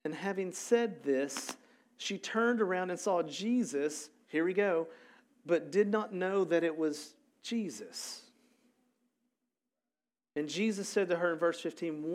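A man preaching a sermon who tells the story in a relaxed, conversational way. He is full of asides and fillers, and his voice sits a little higher than most men's. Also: unhurried, pauses often. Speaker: pastor.

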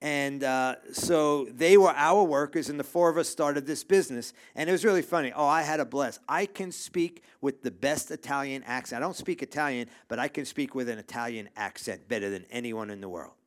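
A man's voice: medium pitch, a little fast, few pauses. A middle-aged man preaching a sermon to a congregation. He talks emphatically, repeats his phrases and keeps checking in with "okay?". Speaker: pastor. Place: church room with a congregation.

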